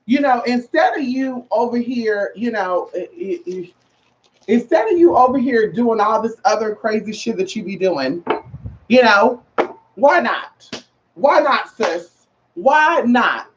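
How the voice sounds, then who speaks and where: Talking to camera in a medium-pitched voice, a sassy woman vlogger throws around slang, addresses listeners as girl and honey, and repeats herself to drive points home. The recording is muffled and lo-fi.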